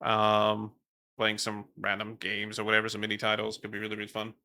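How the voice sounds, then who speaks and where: A man's voice: on the low side, completely flat delivery, a little fast, bright, forceful tone. A young man from the Netherlands with a Dutch accent, chatting casually on a stream and rambling while reading chat. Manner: rambling, swears casually, reads chat aloud.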